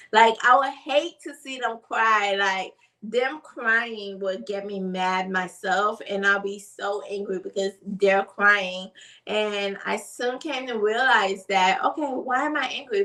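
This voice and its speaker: A woman's voice: mid-range voice, a bit bright, far from the mic, rough recording. A woman and mother of three, talking earnestly and casually, repeating phrases with lots of fillers. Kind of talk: casual talk to camera.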